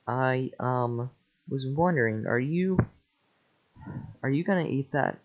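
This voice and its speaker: A man voicing a gruff, awkward male ogre, hesitant and stumbling over his words in a casual reading. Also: medium pitch, lively intonation, takes it slowly. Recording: lo-fi home mic.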